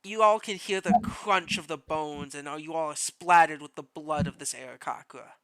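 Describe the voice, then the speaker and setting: A man running a tabletop game as game master, narrating events slowly and deliberately. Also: fairly high pitch, fairly bright tone, low-quality recording.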